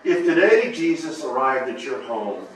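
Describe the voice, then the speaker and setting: A male pastor delivering a sermon as dramatic storytelling that swings between hushed and loud. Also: mid-range voice, very animated, moderate pace, a little hiss or hum. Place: church sanctuary. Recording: echoey church from a distance.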